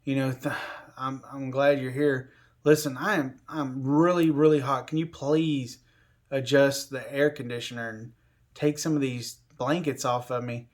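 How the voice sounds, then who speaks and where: A man's voice: mid-range voice, steady tone, measured pace. Man rambling through a personal story. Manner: rambling, filler-heavy, conversational. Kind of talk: casual spoken storytelling.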